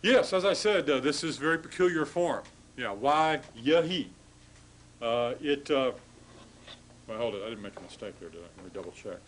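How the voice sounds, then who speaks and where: A man lecturing a class on grammar, halting and full of fillers, stopping to correct himself. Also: medium pitch, animated, slight background noise, low-quality recording.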